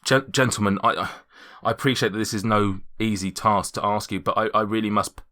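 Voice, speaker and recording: A man's voice: on the low side, steady tone, a little fast, pushed and bright. A man voicing a woman town leader, earnest and urgent, pleading for help.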